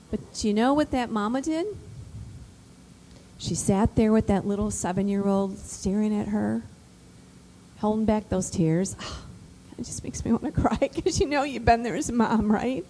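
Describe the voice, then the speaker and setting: A woman giving an emphatic, animated motivational talk to mothers, built around personal stories. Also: mid-range voice, measured pace, slight background noise, rough recording. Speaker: speaker addressing mothers. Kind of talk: motivational storytelling speech.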